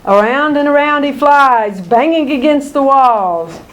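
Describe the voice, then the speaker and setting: Woman reading a kids' picture book, high voice, slow and expressive. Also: a little hiss or hum. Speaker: narrator. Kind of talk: children's picture-book read-aloud.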